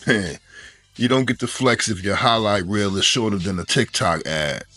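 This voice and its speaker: Low-voiced man roasting with sarcasm. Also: normal speed, sharp tone, soft background music. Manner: mocking, punchline-heavy roast delivery. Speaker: commentator. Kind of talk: sarcastic commentary.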